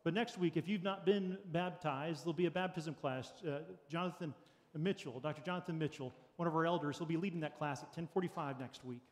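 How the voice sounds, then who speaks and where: A man's voice: on the high side, a little fast, in a large hall. A man preaching a sermon as pastor, earnest and practical, with light jokes for the congregation. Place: church sanctuary.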